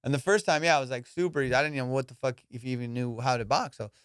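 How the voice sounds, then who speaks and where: A man hosting a comedy podcast, telling a story in a profane, animated way and acting out the quotes. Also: mid-range voice, fast, clear, resonant tone, no room sound, clean studio sound. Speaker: podcast host.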